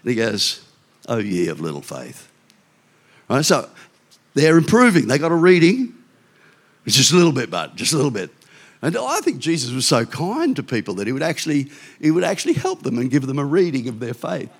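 A man's voice: a little high, sing-song, a little fast, husky. Older male pastor, conversational sermon, frequent restarts and asides.

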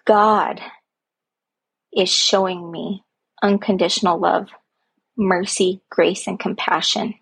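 A podcast host reflects earnestly on her own life as a parent, repeating phrases for emphasis in a heartfelt monologue. She sounds young adult to middle-aged, with a medium-pitched, creaky, breathy voice that stays steady and slow, broken by long pauses.

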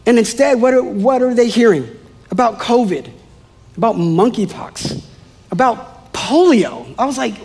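A man preaching a sermon in an animated, conversational way, with playful asides to the congregation. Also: sits high, moderate pace, creaky, husky.

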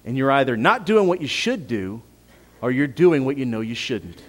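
A man preaching a sermon as pastor, rising to emphatic peaks and dropping to soft appeals, repeating phrases and asking the congregation questions. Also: mid-range voice, animated, moderate pace.

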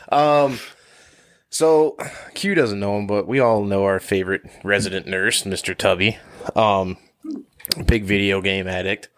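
Brief: male co-host, slow and hesitant, low and expressive, dry recording. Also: no echo. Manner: slow, hesitant, lots of ums. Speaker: podcast co-host. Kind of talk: casual storytelling.

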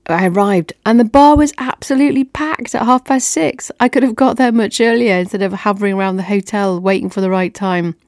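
A woman's voice: medium pitch, a little fast, hardly any pauses, darkish tone, dry recording, studio quality. A woman telling a personal story on her podcast in an upbeat, chatty way.

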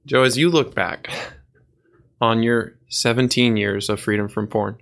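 Slow, calm male podcast host. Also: mid-range voice, creaky. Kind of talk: interview questions.

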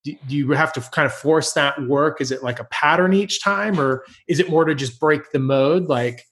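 A man's voice: fairly high pitch, normal speed, fairly bright tone. A man hosting a podcast, curious and rambling, with frequent restarts. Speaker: host. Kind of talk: casual podcast conversation.

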